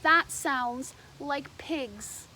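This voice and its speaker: A woman's voice: high voice, extremely slow, a little hiss or hum, pitched above the performer's own voice, full character voice. A woman voicing a spunky, bossy young farm girl in a storybook reading. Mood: chatty. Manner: yelling, sassy.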